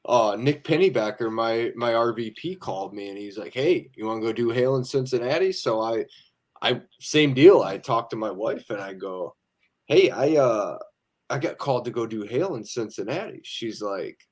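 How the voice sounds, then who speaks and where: A man guest casually recounting a work trip on a podcast, relaxed and chatty. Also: mid-range voice, moderate pace. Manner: easygoing, chatty, quotes his wife in the retelling. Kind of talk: casual storytelling.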